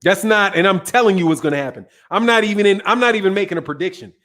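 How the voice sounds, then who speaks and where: A man's voice: high-pitched, quick pace, a bit bright. A man hosting a casual live stream, reading viewer comments and answering in a brash, profane, emphatic way, often repeating himself. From Chicago. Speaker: boxing talk show host answering viewer chat.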